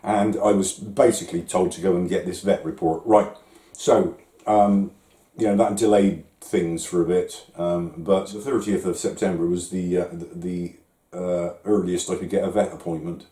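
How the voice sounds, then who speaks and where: A man talks slowly and haltingly, stumbling and restarting as he goes. His voice is very deep and dark, with a roomy echo around it. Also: fairly even intonation. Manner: hesitant, many restarts and fillers. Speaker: vlogger. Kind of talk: reflective talk to camera.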